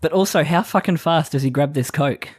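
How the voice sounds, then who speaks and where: A man's voice: a little high, a little fast. An Australian man co-hosting a podcast, chatting casually and laughing often as he tells stories. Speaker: podcast co-host. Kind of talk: casual chat.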